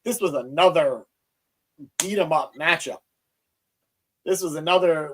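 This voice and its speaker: A man's voice: fairly high pitch, measured pace, long pauses, a bit bright. A young man hosting a wrestling recap podcast, talking enthusiastically and conversationally. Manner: enthusiastic, conversational, hands off to co-host. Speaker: podcast host. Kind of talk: casual wrestling recap chat.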